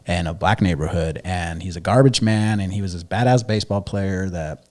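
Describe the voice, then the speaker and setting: A man co-hosting a casual podcast chat, telling stories in a rambling, profane way and loudly acting out quotes. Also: low-pitched, moderate pace. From Northern California. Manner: rambling, profane storytelling with loud acted-out quotes. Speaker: podcast co-host.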